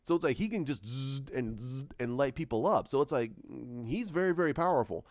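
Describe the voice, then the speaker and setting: A man's voice: medium pitch, animated, a little fast, no echo, lo-fi sound. A man talking casually and with strong opinions about TV shows, often repeating himself as he goes. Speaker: TV show reviewer.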